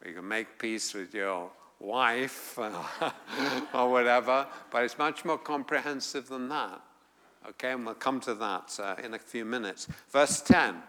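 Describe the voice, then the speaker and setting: A man with an English accent, from England, teaching a Bible class, reading scripture aloud and explaining it in a deliberate way. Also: mid-range voice, pushed and bright, long reverb tail.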